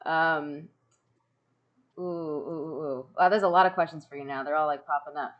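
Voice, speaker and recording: A woman in her thirties hosting a stream over a video call, telling excitable stories, laughing often and acting out quotes in casual chat. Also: deep voice, normal speed, dull audio.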